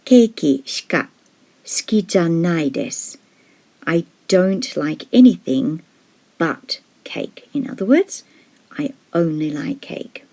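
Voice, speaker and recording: A woman teaching a language lesson in a measured, explanatory way, slowing down to model example words. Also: lowish voice, expressive, dark tone. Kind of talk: scripted lesson narration.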